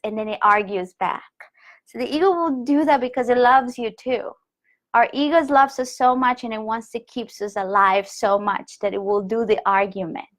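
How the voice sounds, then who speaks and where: A woman giving a spiritual lesson on a live online call, speaking softly and gently and often sinking into a hushed whisper, with slow, repeated phrases. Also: mid-range voice. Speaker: spiritual teacher.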